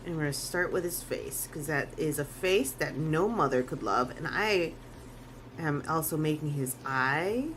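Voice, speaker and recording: A woman's voice: low-pitched, lively intonation, measured pace, a bit bright, slight background noise. Chatty woman artist rambling while drawing. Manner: rambling and chatty, with casual swearing and many restarts. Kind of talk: casual live-stream chat.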